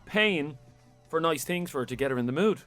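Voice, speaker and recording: A man in a radio studio, teasing his co-host with quick, mock-serious banter. His voice rides fairly high and swings widely in pitch as he races through his lines. Faint music plays under the talk. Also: lively intonation, fairly bright tone. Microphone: studio microphone.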